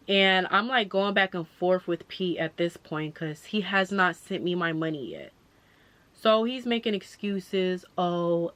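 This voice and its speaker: A woman's voice: lowish voice, fairly bright tone. A young woman telling a storytime on her vlog, swearing freely and quoting others in her own voice. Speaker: vlogger.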